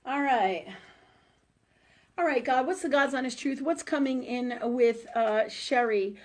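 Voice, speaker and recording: A woman's voice: high voice, measured pace. A woman hosting a live-stream show and giving psychic readings, talking in a loose, chatty way with fillers and tag questions and the odd curse word. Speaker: host and psychic reader.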